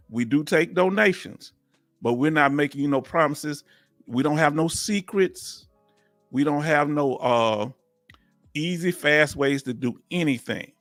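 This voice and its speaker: A man's voice: on the high side, a bit bright, dry recording. A man in his fifties from Texas with a Southern accent, hosting a casual live-stream chat and chatting in a folksy way as he reads out viewer comments. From Texas, United States. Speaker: host of a veterans live chat.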